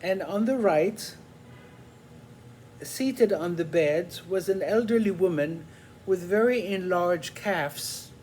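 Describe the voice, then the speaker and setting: Slow, reflective older man storyteller. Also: sits high, darkish tone, slight background noise. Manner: unhurried, reflective, with frequent pauses and fillers. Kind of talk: personal storytelling.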